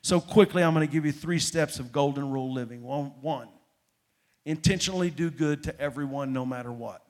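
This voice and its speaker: A man's voice: on the high side, fairly quick, a little mellow. A man, preaching a sermon as pastor and leading his congregation in reading aloud, swelling to emphatic peaks.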